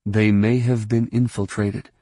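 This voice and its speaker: A man voicing a calm middle-aged leader in a science fiction audiobook, steady and measured. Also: fairly low pitch, no echo, clean studio sound.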